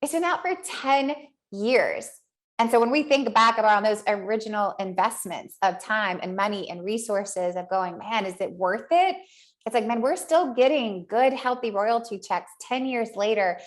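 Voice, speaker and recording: A woman's voice: mid-range voice, moderate pace. A woman hosting a podcast, recapping an interview in an upbeat, encouraging, chatty way. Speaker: podcast host.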